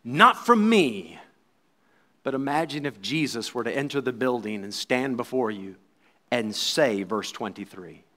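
A man preaching a sermon, quoting scripture and acting out voices, swinging between loud bursts and quiet asides. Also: mid-range voice, expressive, measured pace. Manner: acts out quoted voices and crowd replies.

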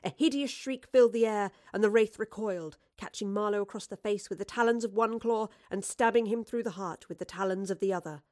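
A woman narrating a story aloud in an even, clear manner. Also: mid-range voice, a little fast, few pauses, dry recording, clean studio sound. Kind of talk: storybook reading.

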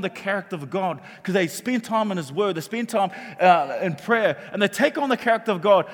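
High-voiced man preaching in a hall. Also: brisk, hardly any pauses. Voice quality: animated, jokey, repeats words. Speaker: pastor. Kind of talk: sermon. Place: church hall. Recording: long hall reverb.

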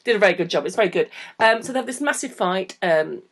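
A woman's voice: mid-range voice, expressive, fast, slightly rough. A woman recapping a TV episode in casual chat, rambling and tired late at night. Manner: rambling, self-interrupting storyteller. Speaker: podcast co-host.

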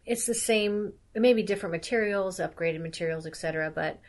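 A woman, a makeup artist, chatting casually in an interview in a hotel room, talking quickly with loud laughs. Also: medium pitch. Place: hotel room with soft furnishings.

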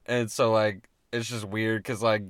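A man's voice: on the low side, level tone, unhurried, smooth, no echo, clean studio sound. A young man, co-hosting a casual podcast and rambling with lots of swearing. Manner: rambling, swearing, laughing often. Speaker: podcast co-host. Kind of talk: casual chat.

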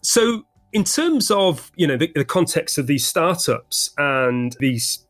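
A man's voice: a little high, very animated, slow, fairly bright tone, faint music behind. A man from London hosting a podcast interview, chatty and rambling with restarts and fillers. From London, England. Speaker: podcast host.

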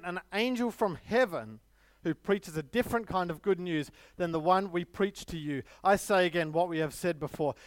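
A man's voice: on the high side, no echo. A man preaching a sermon, emphatic, with stories and light self-deprecating humor.

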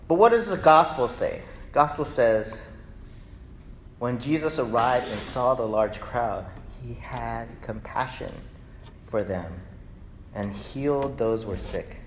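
Animated man preaching in an echoey hall. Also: mid-range voice, takes it slowly. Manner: animated, conversational, often asks "right?". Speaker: pastor. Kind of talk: sermon. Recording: echoey hall, faint noise.

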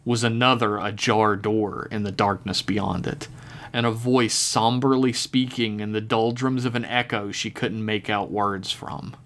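A man reading a dark horror story aloud in a steady, measured narration. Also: fairly low pitch. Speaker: podcast storyteller.

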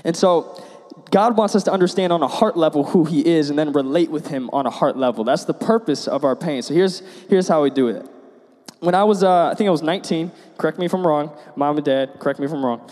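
A man's voice: on the high side, fairly quick, a little mellow. Young man preaching in an echoing hall. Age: young adult. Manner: conversational, self-deprecating storyteller. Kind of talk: casual sermon with personal stories. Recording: long hall reverb.

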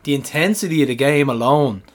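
A man's voice: on the high side, a little fast. A man co-hosting a sports podcast in a blunt, sweary, casual way, laughing easily. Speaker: podcast co-host.

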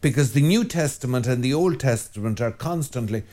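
An Irish priest giving a Sunday homily in a conversational, digressive way, repeating phrases for emphasis. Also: male voice, mid-range voice, animated, a little fast, mellow.

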